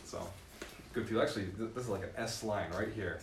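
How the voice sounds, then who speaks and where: A man giving a live seminar as a real estate mentor, lively and laughing often, tagging points with "right?". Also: fairly low pitch, quick pace, roomy sound, heavy background noise. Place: room with a live audience.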